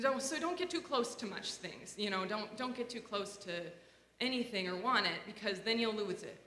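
A woman gives a reflective personal talk in a conversational way, full of fillers and restarts, her medium-pitched voice pushed and bright. She's in an echoey room with long reverb and faint noise.

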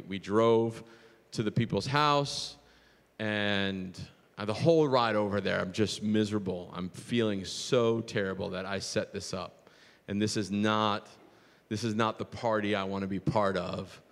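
A man's voice: fairly low pitch, a bit bright, long reverb tail. A man preaching a sermon as pastor, telling a personal story earnestly with frequent restarts.

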